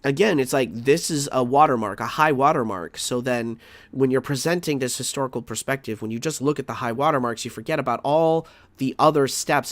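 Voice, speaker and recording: A man's voice: mid-range voice, fairly quick, no room sound. A man streaming live, reacting to a video and arguing back at it with rambling restarts and exasperated outbursts.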